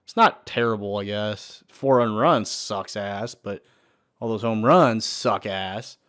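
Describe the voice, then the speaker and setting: A man's voice: fairly low pitch, slow, fairly bright tone, no room sound, studio quality. A young man giving casual, swear-filled commentary while playing a video game, chatting to himself and the screen. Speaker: gaming channel host.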